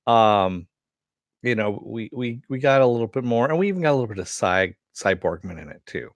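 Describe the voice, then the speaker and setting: A man's voice: medium pitch, lively intonation, fairly quick, no echo, highs cut off. A man giving a casual, rambling episode review, laughing often and swearing.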